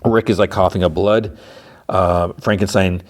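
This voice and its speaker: A man's voice: deep voice, fairly even intonation, normal speed. A man hosting a podcast, casually recapping episodes in a rambling way with many restarts. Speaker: podcast host.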